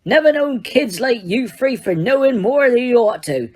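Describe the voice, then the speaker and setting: A woman voicing a huge, gruff, bearded gamekeeper who talks bluntly in dialect, lifted higher and louder than her narration. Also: animated, moderate pace. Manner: blunt, dialect-heavy speech.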